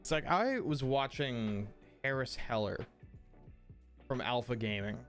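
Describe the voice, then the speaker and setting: Here his medium-pitched voice sounds a bit bright, unhurried and lively, with faint background music. Chatting casually on a live stream, he thinks aloud while working, curses in passing and keeps saying sorry, all through a streaming mic fed into an audio mixer.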